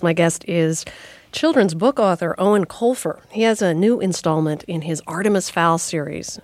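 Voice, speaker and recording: A woman hosts a radio interview, setting up her guest and asking careful questions. Her voice is on the low side. The studio sound is dry and close. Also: no room sound. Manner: measured, gently probing questions.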